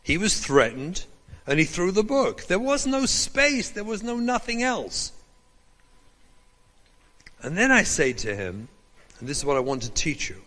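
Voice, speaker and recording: A rabbi lectures in a large hall, telling stories and animatedly acting out their dialogue. His voice is high, his pace measured, and he pauses often.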